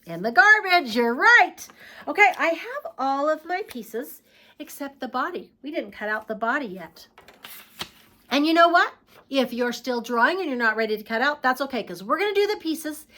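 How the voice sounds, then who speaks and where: A preschool teacher, a woman, speaks in a high, very animated voice that rises and falls constantly. She talks gently to small children, reading a picture book aloud in a slow, playful way between craft steps.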